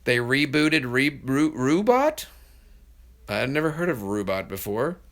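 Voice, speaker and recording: A man's voice: medium pitch, very animated, measured pace, fairly bright tone. A man who is a voice actor, rambling casually and chatting through viewer comments on a live stream, often laughing.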